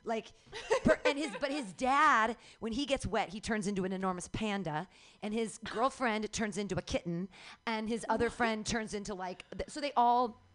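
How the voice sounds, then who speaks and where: A woman's voice: medium pitch, normal speed, a bit bright. A woman co-hosting a casual radio talk show, joking playfully and acting out little voices. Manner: playful, jokey, acts out voices. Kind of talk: casual chat. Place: radio studio.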